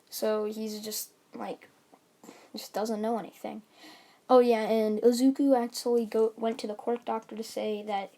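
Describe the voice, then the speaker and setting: A woman's voice: on the high side, mellow. A woman casually retelling a fan story, rambling with many fillers and restarts.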